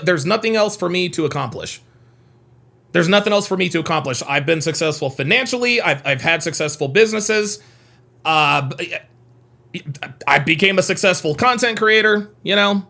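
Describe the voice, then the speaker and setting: A man's voice: high-pitched, gravelly, pushed and bright. A man in his forties chatting casually on a live stream, rambling, repeating himself and reading chat comments aloud. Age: 40s. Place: home near Reno.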